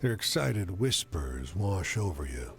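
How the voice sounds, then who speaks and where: A man narrating a game in a slow, measured storytelling manner. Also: sits low, very animated, gravelly, faint music behind. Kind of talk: scripted narration.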